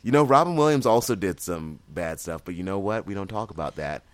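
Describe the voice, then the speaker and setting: A man's voice: low voice, animated, brisk, no room sound. A man co-hosting a podcast in casual chat, talking enthusiastically with lots of fillers and restarts. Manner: rambling, many fillers and restarts. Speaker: podcast co-host.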